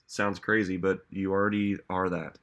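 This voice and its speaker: Bright-toned man asking rhetorical questions. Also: low voice, level tone, moderate pace. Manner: musing, asks many rhetorical questions. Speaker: self-help speaker. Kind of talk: reflective motivational talk.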